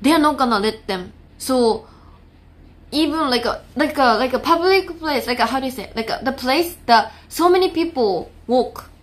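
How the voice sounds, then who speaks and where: A woman's voice: sits high, animated, moderate pace. A young woman with a Japanese accent, chatting casually with her live-stream viewers, laughing often and searching for English words.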